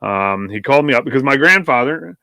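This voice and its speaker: Rambling pastor telling a story. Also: male voice, medium pitch, lively intonation, fairly quick, gravelly, pushed and bright, no room sound. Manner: rambling, self-correcting, with tangents. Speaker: pastor, podcast guest. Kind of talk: casual storytelling chat.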